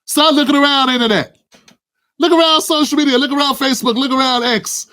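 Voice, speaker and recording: A man's voice: very high voice, steady tone, fairly quick, bright, forceful tone. A man giving impassioned political commentary, preaching and firing off rhetorical questions at a co-host. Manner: addresses a co-host by name.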